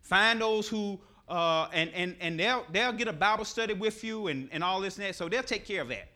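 A middle-aged man preaching a sermon, animated and repeating his key phrases. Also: high-pitched, moderate pace. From Nashville, Tennessee.

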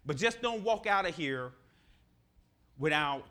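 A middle-aged preacher, delivering a sermon to his congregation. His voice sits high for a man and swings widely in pitch, bright and forceful. He leans into repetition and acts out the scripture dialogue as he goes. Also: measured pace. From Nashville, Tennessee. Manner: animated preaching, acts out scripture dialogue, repeats key phrases.

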